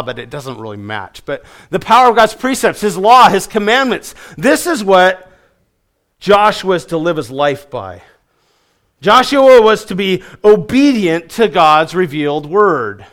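Male preacher, high voice, emphatic sermon delivery, repeats lines for stress, drops low at sentence ends. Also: a bit bright. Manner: emphatic preaching, rising on key phrases and dropping low at line ends.

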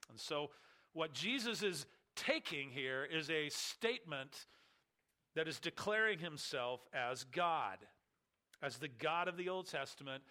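A man's voice: on the high side, sharp tone. A man preaching an expository sermon in church, teaching with emphasis and repeating key words for weight. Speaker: pastor.

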